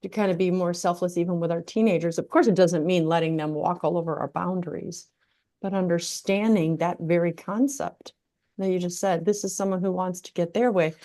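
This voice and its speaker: A woman's voice: on the low side, steady tone, a little fast, dark tone. A woman hosting a casual interview, chatty and affirming as she responds to her guest. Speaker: podcast host.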